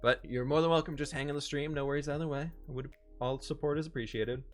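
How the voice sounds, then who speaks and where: A man's voice: fairly high pitch, fairly even intonation, fast talker, soft background music. A man in his twenties, from Pennsylvania, hosting a livestream in a chatty way, laughing often and reading chat aloud. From Pennsylvania, USA. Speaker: livestream host. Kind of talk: casual chat while gaming.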